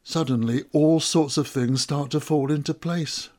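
A man's voice: on the high side, steady tone, unhurried, a little mellow. A man reciting a reflective first-person monologue, intimate and earnest, with emotional outbursts. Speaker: narrator.

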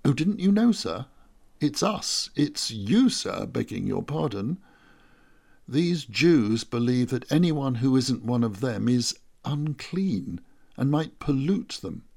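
A man voicing an eager, chatty male household slave who explains things briskly and respectfully in a storybook reading. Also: mid-range voice, very animated, creaky, darkish tone, full character voice. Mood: explaining.

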